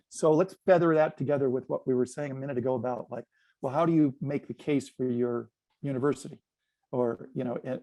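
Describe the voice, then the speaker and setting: A man's voice: on the high side, no echo. A man speaking as a guest on a panel, telling an anecdote and drawing lessons from it in a reflective, playful way. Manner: reflective, lively storyteller with playful asides.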